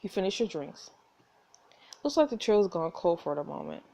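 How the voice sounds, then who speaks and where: Animated woman reading a story game. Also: medium pitch, moderate pace. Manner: playful, animated. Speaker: gameplay narrator. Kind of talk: reading game text aloud.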